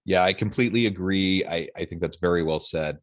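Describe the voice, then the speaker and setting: A man's voice: low voice, brisk. A man hosting an interview podcast over a video call, speaking in a courteous, affirming way. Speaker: podcast host.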